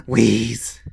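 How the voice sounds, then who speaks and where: A man voicing a panicking, anxious young man who gasps, repeats himself and pleads, in a visual novel. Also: medium pitch.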